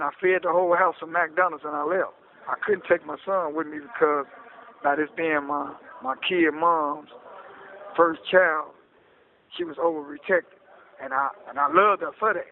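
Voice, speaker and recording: A man telling his story in a casual interview, animated and often asking "you hear me?", heard over a phone line. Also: on the high side, creaky. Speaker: interview guest recounting his case. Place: prison phone call.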